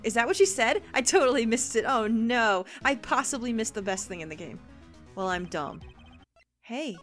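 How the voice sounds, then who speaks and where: A woman hosting a let's play, reacting with excited exclamations and frequent laughter while reading the game aloud. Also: fairly high pitch, moderate pace. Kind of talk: video game commentary. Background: faint game music.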